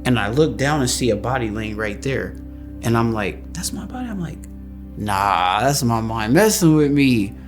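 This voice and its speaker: A man's voice: medium pitch, a little slow. A man recounting a personal experience in a plain, matter-of-fact way. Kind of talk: personal story clip. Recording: faint music behind.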